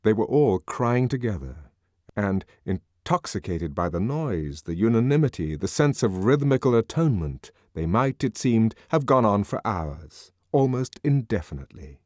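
Low-voiced guy reading a novel, lots of ups and downs in pitch, dry close sound. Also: no room sound. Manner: dramatic, expressive reading. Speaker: narrator. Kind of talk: audiobook narration.

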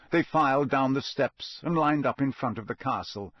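A man reading a storybook aloud in measured scripted narration. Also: mid-range voice, fairly bright tone, breathy edge, dry recording. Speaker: audiobook narrator.

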